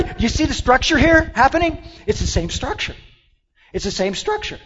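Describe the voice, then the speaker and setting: Lively high-voiced man preaching a sermon. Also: normal speed, long pauses, breathy edge, dull audio. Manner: call-and-response, swings from loud exclamations to hushed asides.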